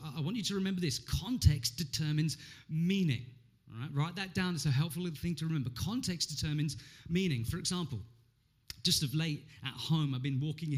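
A man in his thirties preaching a lively, humorous sermon, acting out voices and jokes as he goes. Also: a little high. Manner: animated, humorous, acts out quotes. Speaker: pastor.

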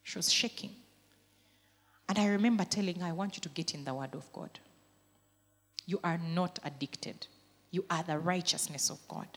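A woman pastor preaching a sermon, with emphatic swells of intensity that drop back to quieter, conversational stretches. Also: lowish voice, normal speed, long pauses, breathy edge, big-room sound.

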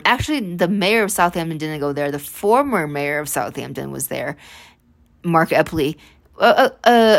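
This is a young woman with a low voice, hosting her own podcast. She tells a story in a loose, chatty way and keeps rambling into asides and restarting her sentences. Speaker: podcast host. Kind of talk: casual storytelling monologue.

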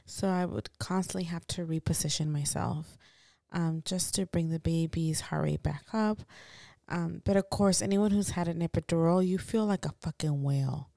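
A woman co-hosts a podcast in a casual chat, relaxed and a bit teasing, dropping the odd curse word. Her voice is low and gravelly. It sounds dry and close to the mic. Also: moderate pace, dry recording. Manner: laid-back and teasing, swears casually. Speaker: podcast co-host.

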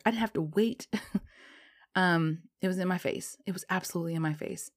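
A woman vlogger telling a personal story in a casual, animated way, swearing and laughing as she goes. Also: lowish voice, fairly quick.

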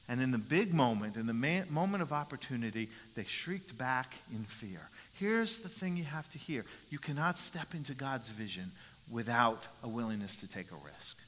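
A man preaching a sermon as a pastor, animated and repeating words as he builds his points. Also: medium pitch, moderate pace, a little hiss or hum. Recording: long reverb in a large hall.

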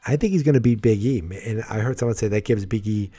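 A man's voice: lowish voice, fast, dark tone, no echo. A man giving a rambling, frank solo commentary on wrestling, swearing freely and thinking aloud. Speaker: wrestling podcaster.

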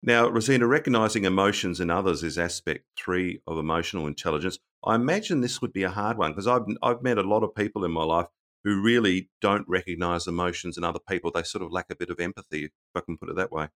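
A man's voice: sits low, fast talker, a bit bright. A man hosting an interview, affirming his guest with short agreements and introducing each new topic. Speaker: host. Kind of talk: conversational podcast interview.

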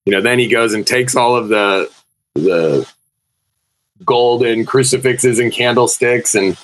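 A podcast co-host with a mid-range voice speaks at a measured pace in a freewheeling spiritual conversation. He tells stories with animation, acting out the people in them. The recording is rough, with slight background noise.

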